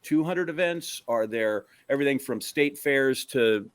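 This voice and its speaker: A man's voice: mid-range voice, expressive, a little slow, smooth, dry recording. A man co-hosting a podcast, chatting casually and teasing in a rambling, joking way. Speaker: podcast co-host. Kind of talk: casual conversation.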